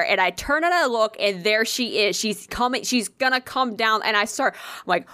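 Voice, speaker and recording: A young woman casually telling an excitable, profanity-laced story, acting out the voices of the people in it. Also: a little high, brisk, few pauses, no room sound. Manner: excitable, swears freely, acts out quoted voices. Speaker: convention volunteer telling a story.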